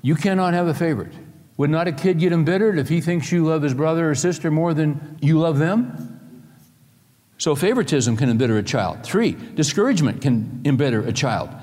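A middle-aged man preaching a sermon to a room full of people, moving between emphatic points and quiet personal stories. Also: a little high, animated, fairly quick. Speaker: pastor. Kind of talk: sermon to a live audience. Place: large room with an audience. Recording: long hall reverb.

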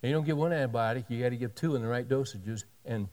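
A man's voice: medium pitch, quick pace, a little mellow, big-room sound. A male pastor telling a story in a sermon, animatedly acting out the dialogue of the people in it.

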